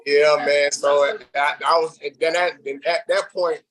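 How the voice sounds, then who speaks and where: A man's voice: a little high, measured pace, poor audio. A man, a reality show contestant, telling his story in a loose, rambling casual interview, acting out the voices of people he quotes. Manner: animated, acts out quoted voices; loose and rambling with many fillers.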